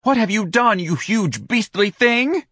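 A man reading an audiobook and voicing an effete, elegant man who speaks in a shrill, affected, huffy way. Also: animated, a little fast, husky, dry recording, clean studio sound. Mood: affronted.

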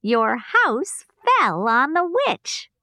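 A woman voicing a kind little old female good witch, speaking gently and reassuringly. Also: on the high side, sing-song, drawn-out words, no room sound, studio quality, pitched above the performer's own voice, exaggerated voice. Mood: kindly.

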